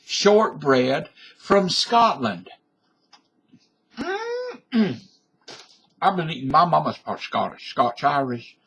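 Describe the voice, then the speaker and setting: A man's voice: fairly high pitch, expressive, measured pace, a bit bright, slight background noise. A man in his fifties or sixties talking into a webcam at home in a folksy, digressive monologue that wanders and often corrects itself. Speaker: vlogger. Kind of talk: rambling casual monologue.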